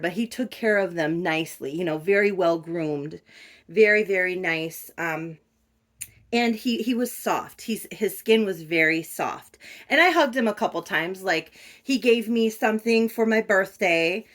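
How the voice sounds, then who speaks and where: A middle-aged woman vlogging from her bedroom at home, telling a story in a chatty, gushing way and talking straight to her viewers. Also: mid-range voice. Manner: animated, gushing, addresses viewers as "you guys". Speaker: reborn doll collector vlogger.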